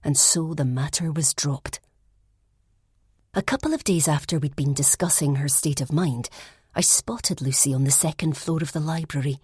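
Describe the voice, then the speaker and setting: Husky, low-voiced woman narrator. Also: darkish tone, no echo, clean studio sound. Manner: measured storytelling. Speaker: audiobook narrator. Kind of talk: scripted first-person narration.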